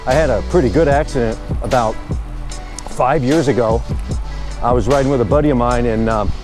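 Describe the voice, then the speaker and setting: A vlogger with a mid-range voice chats casually and rambles good-humoredly as he rides his bike outdoors. He talks fairly quickly, and music plays in the background.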